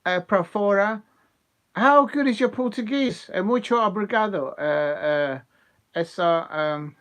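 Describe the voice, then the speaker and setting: A man hosting a live football watch-along, chatting excitedly with viewers and laughing often. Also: high voice, a little slow. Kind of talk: live casual chat with viewers.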